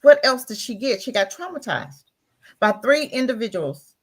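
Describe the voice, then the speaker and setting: A woman's voice: on the high side, sing-song, normal speed, fairly bright tone. A woman hosting talk radio who makes emphatic, preachy commentary, repeats her points and asks rhetorical questions.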